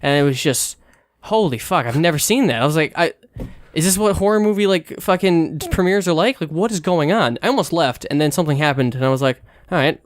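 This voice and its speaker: A man's voice: on the high side, fairly quick, no echo, clean studio sound. A man chatting casually on a podcast, ranting and swearing a lot. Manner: profane, animated ranting. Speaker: podcast host. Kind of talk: casual chat.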